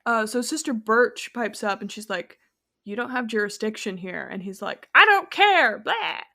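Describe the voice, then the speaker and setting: A woman's voice: medium pitch, normal speed, a bit bright. A woman co-hosting a casual film podcast, rambling and correcting herself with many fillers. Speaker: podcast co-host.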